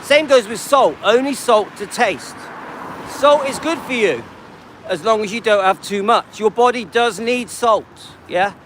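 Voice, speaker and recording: A man's voice: sits high, measured pace, a bit bright, a little hiss or hum. A man hosting a live stream, casually answering viewers by name and often checking in with "yeah?" and "okay?". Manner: frequent restarts and repetition. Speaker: livestream host.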